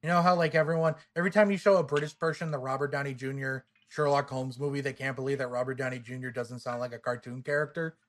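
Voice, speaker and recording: A man's voice: mid-range voice, flat delivery, fast talker, hardly any pauses. A man co-hosting a podcast, trading jokes and rambling asides about a movie. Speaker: podcast co-host. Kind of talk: casual movie discussion.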